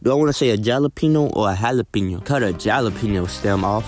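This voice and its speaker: Brief: young male cooking narrator, joking and mock-accented, low-pitched, music playing underneath. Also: quick pace, darkish tone. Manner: joking, mock-accented, sprinkled with Spanish words. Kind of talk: comedic cooking voice-over. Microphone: voice-over.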